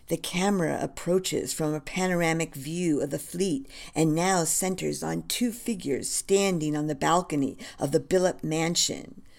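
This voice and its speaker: Slow, gravelly-voiced woman narrator. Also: sits low, darkish tone. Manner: measured, descriptive reading. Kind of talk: reading a screenplay-style story.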